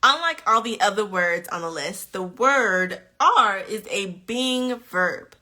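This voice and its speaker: This woman's mid-range voice comes out animated yet slow, with a pushed, bright quality. She's leading a live online quiz for nursing students, keeping it chatty and playful and laughing a lot while reading questions aloud, casual stream-style teaching.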